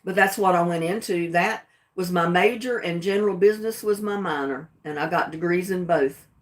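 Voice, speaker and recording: A woman's voice: fairly low pitch, moderate pace. A middle-aged woman with a Southern US accent, talking plainly and defiantly on her own livestream. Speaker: livestream host. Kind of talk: casual livestream talk.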